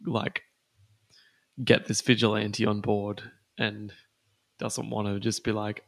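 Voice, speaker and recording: Male player, raspy and gravelly, casual, talks through his choices. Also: fairly low pitch, little pitch movement, slow, pauses often, a bit bright. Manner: thinking aloud, loose. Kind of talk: casual tabletop play.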